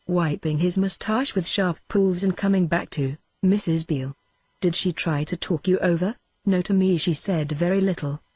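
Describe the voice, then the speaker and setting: A synthetic woman's voice with a British English accent reading a novel aloud as an audiobook, at an even, steady pace. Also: fairly low pitch, slightly rough, no echo. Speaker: audiobook narrator.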